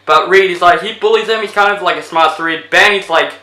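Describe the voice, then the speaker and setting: A man's voice: high-pitched, fairly quick, sharp tone, reverberant, rough recording. A man casually retelling a movie plot as a reviewer, rambling with lots of fillers. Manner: rambling, full of fillers like 'basically'.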